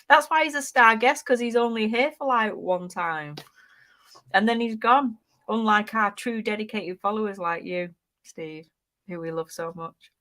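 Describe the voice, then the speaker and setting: A woman's voice: medium pitch, animated, a little slow, fairly bright tone. A woman co-hosting a casual live stream, reading out viewer comments and laughing often. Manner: giggly, reads out chat comments. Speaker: co-host.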